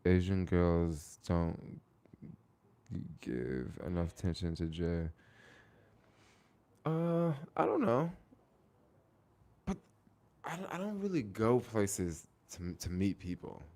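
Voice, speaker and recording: A man's voice: low voice, big pitch swings, dark tone. A man hosting a casual livestream, chatting with viewers and repeating phrases for emphasis. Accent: American. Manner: repetitive, restarting phrases, drawn-out emphasis. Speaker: livestream host.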